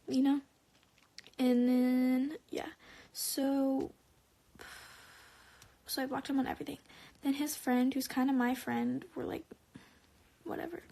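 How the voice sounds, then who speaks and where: A woman telling a personal story on a live stream, rambling with lots of "like" and restarts, sometimes dropping to a soft whisper. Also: high-pitched, level tone, slow pace, creaky, pauses often. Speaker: livestreamer.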